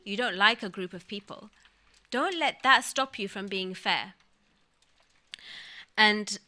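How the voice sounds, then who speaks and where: A woman speaks at a podium microphone, lecturing a gathering on scripture. Her tone is bright and carrying, and her pitch sits at a middling level. She explains each point with emphasis and now and then recites a verse in Arabic. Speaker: religious speaker. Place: mosque or community hall.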